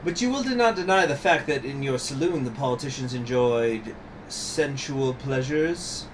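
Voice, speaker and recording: A man's voice: medium pitch, lively intonation, unhurried, slight background noise, voice pushed up, natural voice. A man voicing a stern, contemptuous revolutionary judge, reading game dialogue aloud in a cold, accusing tone.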